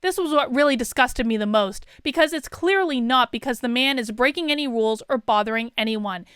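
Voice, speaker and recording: Woman commentator, 30s, fired-up and insistent, high clear voice, close dry sound. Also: brisk, fairly bright tone, no room sound. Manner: indignant, emphatic, repeats words for stress. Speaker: commentary vlogger. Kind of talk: opinion commentary reading a passenger account.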